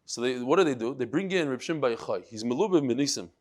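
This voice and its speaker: A man teaching a Talmud lesson as lively, dramatic storytelling, mixing in Hebrew and Yiddish terms. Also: medium pitch, quick pace.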